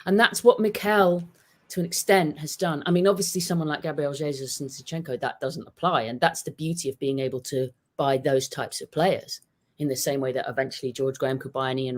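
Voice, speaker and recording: Guest spot: woman journalist, animated, restarts a lot. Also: extremely low pitch. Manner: thoughtful, many restarts, animated storytelling. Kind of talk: conversational podcast interview. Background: dog nearby at home.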